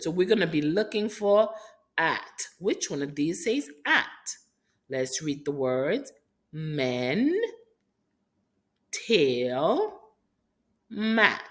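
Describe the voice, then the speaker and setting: A woman's voice: low-pitched, pushed and bright. A woman from Haiti teaching rhyming sounds to young children in an encouraging, sing-song teacher manner. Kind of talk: phonics lesson for young children.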